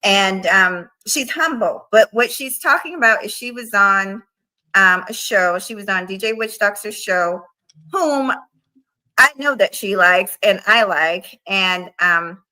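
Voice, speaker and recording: A woman's voice: medium pitch, measured pace, pushed and bright, rough recording. A woman hosting a livestream interview in casual chat, talking to her viewers as y'all. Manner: chatty, addresses viewers as y'all. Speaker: livestream host.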